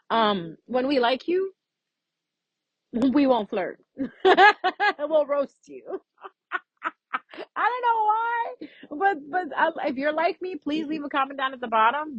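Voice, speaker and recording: A woman's voice: high voice, dry recording, highs cut off. A woman giving a casual, frank astrology reading as a vlogger, chatty and freely swearing.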